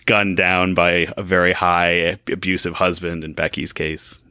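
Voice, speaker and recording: A man's voice: deep voice, flat delivery, a little slow, bright, forceful tone, smooth, no room sound, clean studio sound. A man co-hosting a podcast, bantering and joking with his co-hosts. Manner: joking, laughs a lot. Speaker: podcast co-host.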